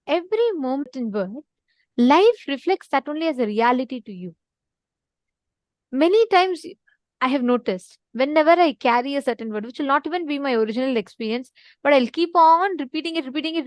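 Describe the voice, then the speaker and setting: A woman giving a spiritual talk to an online audience, earnest and repetitive, pressing her listeners to respond. Her voice sits high, and the recording is dry and close, with no room sound. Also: expressive, quick pace, no echo. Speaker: spiritual teacher in an online session.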